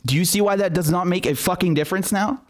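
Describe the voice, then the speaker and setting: A man's voice: high voice, fast. A male political commentator delivering a profane, sarcastic and exasperated solo rant.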